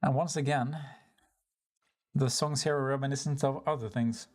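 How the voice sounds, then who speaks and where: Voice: mid-range voice, steady tone, moderate pace, darkish tone, soft background music. A game streamer chatting casually while playing, self-mocking and rambling, swearing now and then, and breaking into laughter often. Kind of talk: casual live-stream commentary over gameplay.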